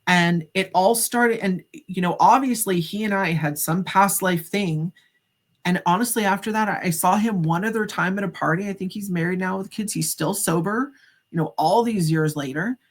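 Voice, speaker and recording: A middle-aged woman, a psychic medium, is the guest on a podcast, telling a story at normal speed in a voice on the low side. Animated throughout, she acts out the dialogue and relies on many casual fillers, "like" chief among them.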